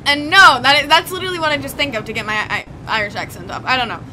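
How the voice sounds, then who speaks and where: High, bright-voiced goofy young woman. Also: quick pace, a little hiss or hum. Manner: goofy, joking, talks straight to viewers. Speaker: gaming video creator. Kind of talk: let's-play commentary.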